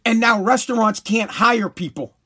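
A man with a strikingly high voice delivers a heated, profane rant. He repeats his points and breaks into shouts. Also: moderate pace, slightly rough. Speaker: commentator. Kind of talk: ranting commentary.

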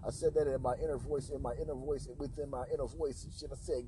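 A man's voice: mid-range voice, fairly even intonation, fast, noisy background. A man hosting a podcast, telling a crude anecdote in a profane, slangy way with lots of repeated filler tags. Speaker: podcast host.

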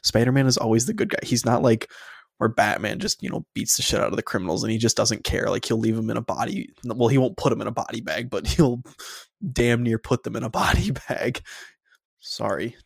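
A man with a gravelly, rough-edged voice talks through a film review in loose, excited podcast chat. He circles back and restarts as he gushes like a devoted fan. The sound is dry and close, with no room around it. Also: mid-range voice, a little fast, no echo. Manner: enthusiastic fan, rambling with restarts. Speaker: podcast co-host. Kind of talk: casual movie review chat.

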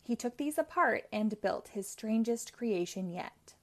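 A woman's voice: fairly high pitch, measured pace. Woman reading a children's story aloud. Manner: clear, even storytelling. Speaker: host. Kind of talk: children's book read-aloud.

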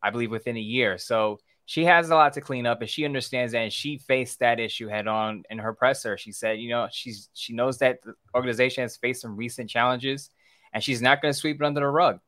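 A man's voice: medium pitch, brisk, a bit bright, dry recording, studio quality. A man co-hosting a sports podcast, giving frank, opinionated takes. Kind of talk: casual sports talk.

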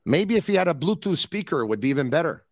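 A man, hosting a casual call-in podcast. He teases his caller playfully, stretching his words for emphasis. His voice sits a little high and sounds dry and close. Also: big pitch swings, no room sound. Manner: teasing, playful, drawn-out emphasis. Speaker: podcast host.

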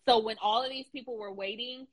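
A woman in casual podcast chat, talking in an animated, slangy, emphatic way. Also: fairly high pitch, a little fast, husky, low-quality recording.

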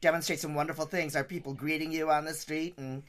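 A man's voice: a little high, fairly even intonation, quick pace, fairly bright tone. A man hosting a casual talk show, chatty and crude, laughing easily as he introduces and questions guests. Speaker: host.

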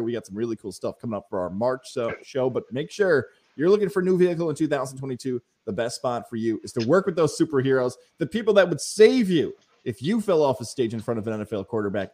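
Lively man with a bouncy voice. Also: mid-range voice. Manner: lively, acts out people in his stories. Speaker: co-host of a sports podcast. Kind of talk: casual sports chat.

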